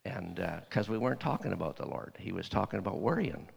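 Gravelly low-voiced preacher. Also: male voice, very animated, quick pace. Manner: folksy storytelling, repeating "I said" and "he said". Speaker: lay preacher. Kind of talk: conversational sermon. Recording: long hall reverb.

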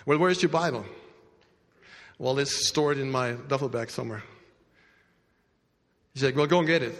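A man's voice: mid-range voice, normal speed, long pauses. Man preaching a story in a reverberant hall. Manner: animated storyteller, swings between loud bursts and quiet asides. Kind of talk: sermon storytelling.

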